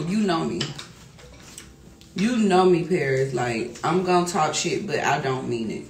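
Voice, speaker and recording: A middle-aged woman talking casually on a livestream, loud and animated, laughing often. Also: low-pitched, a little slow, slight background noise. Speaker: livestream host. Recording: echoey room with music behind.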